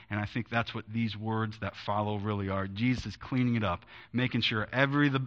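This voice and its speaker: A man's voice: mid-range voice, pushed and bright. A man teaching through a Bible passage verse by verse, earnest and emphatic, repeating key phrases. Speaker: preacher. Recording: dull lo-fi sound.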